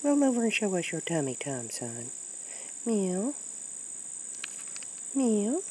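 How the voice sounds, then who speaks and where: A woman talking baby talk to a kitten outdoors, cooing in a sing-song voice that jumps high, recorded on a handheld camera. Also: very animated, fairly quick, mellow, breathy edge, rough recording. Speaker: pet owner talking to a kitten. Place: outdoors near woods.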